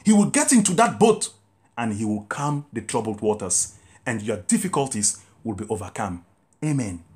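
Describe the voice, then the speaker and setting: A man, a Catholic priest preaching a meditative sermon with drawn-out, emphatic phrases. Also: mid-range voice, very animated, a little mellow.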